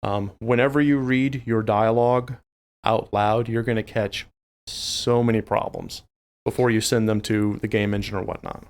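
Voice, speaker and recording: A man from New Orleans with a New Orleans accent, co-hosting a game development podcast in a chatty, animated way and speaking directly to listeners. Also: on the low side, moderate pace. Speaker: podcast co-host. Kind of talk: casual podcast chat.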